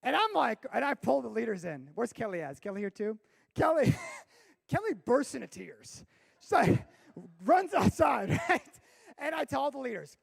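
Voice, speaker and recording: A man preaching to teenagers as a youth pastor, telling a long comic story and bursting into shouts for effect. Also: very high voice, very animated, a little fast, gravelly.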